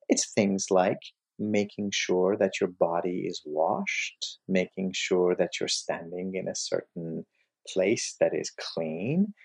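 Slow, gravelly male storyteller. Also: lowish voice. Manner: animated storyteller, acts out scenes. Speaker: lecturer on mystic poetry. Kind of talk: storytelling lecture.

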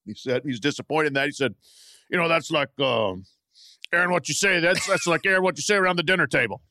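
A man co-hosting a casual sports podcast, lively and laughing often. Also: fairly high pitch, quick pace, no room sound, studio quality. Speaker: podcast co-host.

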